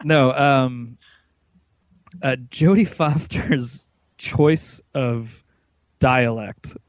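A man co-hosting a casual podcast chat, rambling and animated, with lots of restarts. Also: mid-range voice, extremely slow, no echo. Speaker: podcast co-host.

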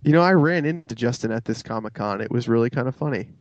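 A man's voice: medium pitch, expressive, fast talker, dry recording, lo-fi sound. A man co-hosting a podcast in casual chat, joking and laughing often. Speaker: podcast co-host.

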